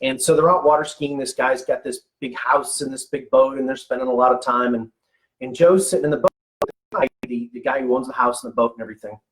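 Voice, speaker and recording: A man's voice: mid-range voice, fairly even intonation, a little fast, poor audio. A man in his forties giving a casual motivational talk for medical practice owners, conversational, restarting words and often checking in with "okay?".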